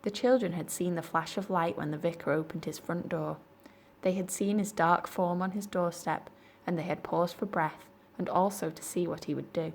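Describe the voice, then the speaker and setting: A woman reading a children's storybook aloud in clear, measured narration. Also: lowish voice, fairly even intonation, a little hiss or hum. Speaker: library storyteller.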